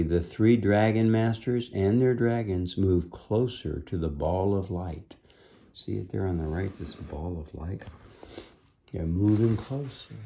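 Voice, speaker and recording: A man slowly reading a children's book aloud, pausing gently to point out the pictures. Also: on the low side. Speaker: storybook reader.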